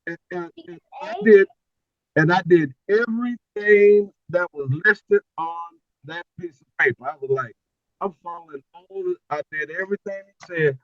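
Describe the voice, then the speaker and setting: Animated older man telling a story. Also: sits high, moderate pace, no room sound, dull audio. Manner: animated storyteller, repeats words as he restarts. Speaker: guest. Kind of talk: personal storytelling.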